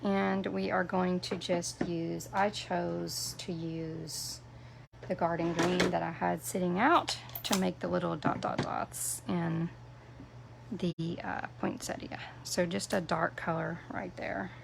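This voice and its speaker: A woman's voice: fairly low pitch, little pitch movement, slow pace, gravelly, noisy background. A woman demonstrating a craft project on a live stream, chatting casually and answering viewers' comments by name. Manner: self-deprecating, playful asides.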